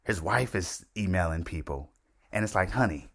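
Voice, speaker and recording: A man's voice: sits low, moderate pace, gravelly, fairly bright tone. A middle-aged man hosting a solo talk show, rambling conversationally with asides and self-corrections. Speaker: podcast host. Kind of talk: casual solo commentary.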